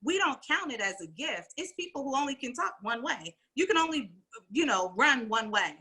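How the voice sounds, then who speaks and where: A woman speaking in an animated, conversational way with casual slang, talking on a video call. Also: high-pitched, moderate pace, a little hiss or hum. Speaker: discussion panelist.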